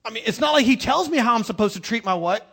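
A man preaching in a loose, conversational way, his voice sitting high and swinging up and down with lots of life. He pokes fun at himself and talks to the congregation like a friend, with slangy asides. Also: quick pace, vocal fry, breathy edge. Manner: animated, self-deprecating, slangy preaching. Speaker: pastor. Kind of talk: conversational sermon.

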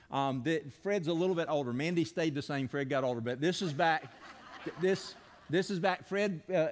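A man preaching a sermon as pastor, telling stories earnestly and leading the congregation in call-and-response. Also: on the high side. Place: church sanctuary. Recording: long hall reverb.

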